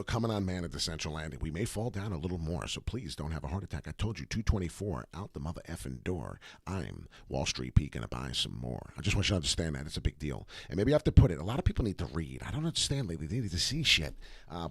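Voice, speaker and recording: Brash low-voiced man hosting a crypto stream. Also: no room sound, studio quality. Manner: brash, hype-driven, swears casually. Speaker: crypto livestream host. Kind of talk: live market commentary.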